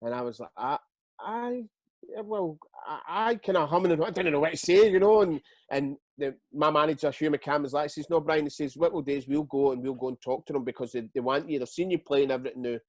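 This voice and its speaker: A man's voice: a little high, fast, hardly any pauses, no room sound. A middle-aged Scottish man, a retired footballer, telling his career stories in a casual interview, swearing freely and acting out what others said. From Scotland.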